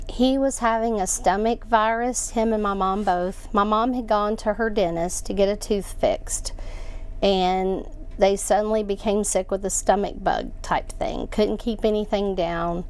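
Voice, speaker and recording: A woman speaks as an interview guest, recounting a personal story. She sounds halting and emotional, often restarting her sentences in a medium-pitched voice. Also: steady tone, darkish tone, clear, resonant tone.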